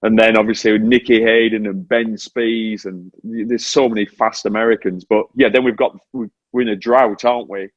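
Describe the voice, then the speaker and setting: British guy in his 40s telling racing stories, husky dry voice, kinda muffled sound. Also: lowish voice, normal speed, hardly any pauses, no echo. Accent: British English. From Britain. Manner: animated, self-deprecating storytelling. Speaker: guest, former motorcycle racer. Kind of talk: casual interview chat.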